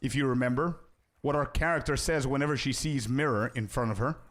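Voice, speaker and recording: A young man streaming a game in a casual, chatty way, answering viewers' questions and calling them "bro". His voice sits at a middle pitch. A faint hiss of noise stays behind him. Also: brisk, fairly bright tone. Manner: chatty, answers chat, says "bro" often. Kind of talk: casual live-stream chat.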